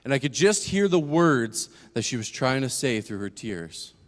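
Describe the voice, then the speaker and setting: A young man tells his life story as a sermon testimony, earnest and steady. He drops to a hush, then presses hard on key lines. His voice sits mid-pitch and trails off in a long church reverb. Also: moderate pace. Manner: earnest storytelling, swings from hushed to emphatic. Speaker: guest speaker giving testimony. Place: church sanctuary.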